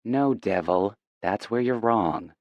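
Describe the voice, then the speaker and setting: A defiant young woman trades dry, matter-of-fact jabs in a romance audiobook, put on by a male narrator. The delivery is sassy and deadpan, set in a higher register. The sound is close and dry. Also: slow, no echo, lo-fi sound.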